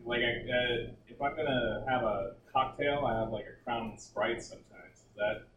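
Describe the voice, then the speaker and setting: A man's voice: mid-range voice, normal speed, fairly bright tone, highs cut off, a little hiss or hum. A man in casual group chat making dry, wry remarks. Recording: distant mic, roomy, voices behind.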